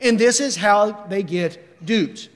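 A man's voice: high voice, slow. A man preaching a sermon in a conversational way, often tagging his points with "right?", recorded in a church. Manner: conversational, keeps adding "right?". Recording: long reverb of a large hall.

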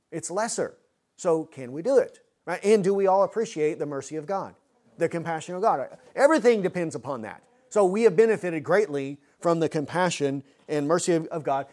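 A man's voice: a little high, a little mellow. A man preaching an expository sermon, earnest and full of rhetorical questions.

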